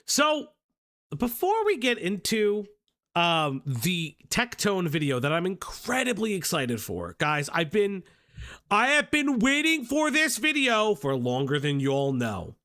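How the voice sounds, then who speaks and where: A man's voice: sits high, wildly swooping pitch, a little slow, sharp tone. A young man hosting a commentary livestream, rambling and swearing casually with lots of fillers. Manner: rambling, profane, many fillers and restarts.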